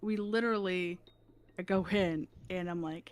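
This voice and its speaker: A woman's voice: on the low side, fairly even intonation, normal speed, heavy background noise. A woman livestreamer chatting casually, telling a story with lots of laughs and acted-out voices. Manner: chatty, laughing, acts out voices in her anecdotes.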